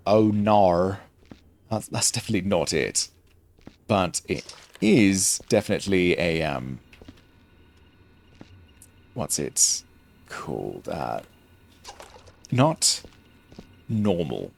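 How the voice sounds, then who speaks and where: A man's voice: low voice, big pitch swings, slow pace, gravelly, pauses often. A young man streaming a game, rambling in a self-deprecating, jokey way with a mild faux British-Australian lilt. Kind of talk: rambling gameplay commentary.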